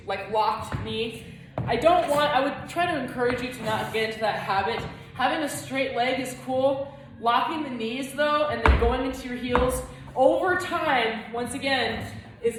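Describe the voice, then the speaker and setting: A woman with a fairly high voice leads a flamenco footwork class, counting the beats out loud while dancing and explaining technique. The room echoes, loud music plays, background noise is present, and she's distant from the microphone.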